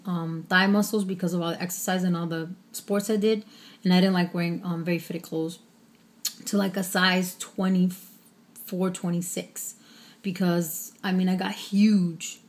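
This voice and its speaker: A woman's voice: fairly low pitch, darkish tone. A woman talking candidly to her vlog viewers, chatty with many fillers, holding back tears. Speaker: vlogger. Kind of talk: casual personal vlog.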